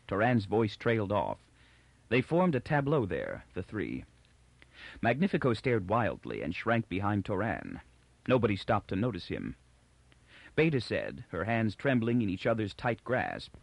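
A man narrating a novel in a measured, expressive voice with lots of pitch movement and a close, dry sound. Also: creaky, dry recording. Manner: measured storytelling. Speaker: audiobook narrator. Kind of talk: scripted narration.

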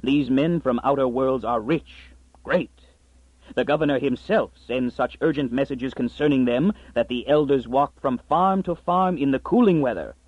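A man voicing a gruff, scheming old male farmer who blusters and puffs himself up. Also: mid-range voice, normal speed, no echo, phone-quality sound, natural voice. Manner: blustering, pompous.

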